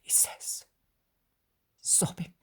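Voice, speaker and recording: A woman narrating an audiobook in a hushed, slow, solemn whisper.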